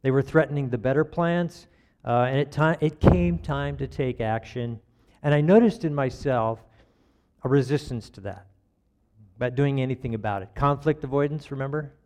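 A man giving a relaxed, conversational sermon, telling everyday stories in a folksy way and chuckling at himself. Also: mid-range voice, normal speed.

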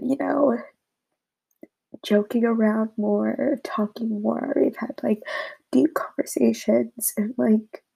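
A young woman giving a rambling, halting, heartfelt message to her friends, half-whispered and close to tears. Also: fairly high pitch, creaky, dark tone, slightly rough, poor audio. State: tearful, close to crying. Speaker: vlogger addressing friends.

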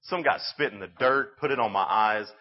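A man's voice: fairly low pitch, normal speed, muffled recording, close to an everyday voice. Man acting out an indignant formerly blind man. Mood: eager. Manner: indignant, casual modern phrasing. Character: formerly blind man, bewildered then overjoyed.

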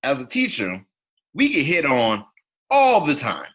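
Bright, swooping husky man. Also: mid-range voice, measured pace. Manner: laughs a lot, teasing and lively reactions. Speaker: podcast co-host, teacher. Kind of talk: casual chat.

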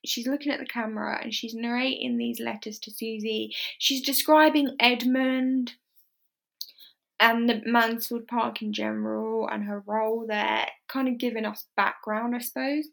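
A woman's voice: on the high side, steady tone, vocal fry, fairly bright tone. A woman co-hosting a casual chat show, talking easily and laughing often. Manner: chatty, laughs easily, acts out lines in quick asides. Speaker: podcast co-host.

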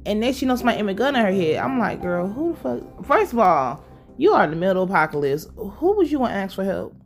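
A woman casually recapping a TV episode, animated and profane, laughing as she tells it. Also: mid-range voice, fast talker, faint music behind. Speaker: show recap vlogger.

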